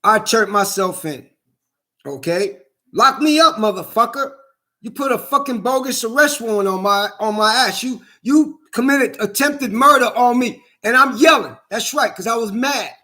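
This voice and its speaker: Guy with a real high voice going off on a rant, cussing, repeats himself a lot. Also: bright, forceful tone. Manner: heated, repetitive, swearing, indignant. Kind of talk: angry personal vlog monologue.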